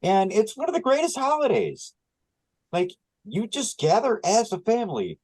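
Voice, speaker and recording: A man co-hosting a casual podcast chat, animated and full of filler words. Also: high-pitched, normal speed, rough recording. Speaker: podcast co-host.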